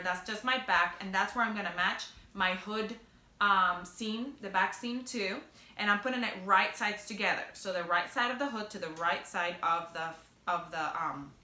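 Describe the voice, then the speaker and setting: In a reverberant space, a young sewing instructor with a mid-range voice that sounds pushed and bright walks through a sewing project. She's chatty and upbeat, frequently correcting herself as she goes.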